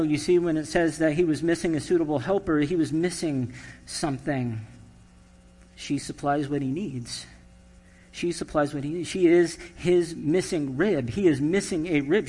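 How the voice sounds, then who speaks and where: Slightly high-voiced pastor in an echoey hall. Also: male voice, a little mellow. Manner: conversational, humorous storytelling. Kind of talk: sermon.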